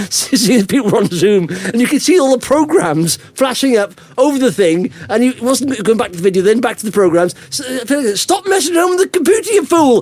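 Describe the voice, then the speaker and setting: A male podcast host who jokes and banters with an animated, laughing delivery. His voice sits high and swings widely in pitch, recorded dry and close with no room sound. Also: no room sound. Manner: jokey, animated, lots of restarts and laughs. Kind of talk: casual banter.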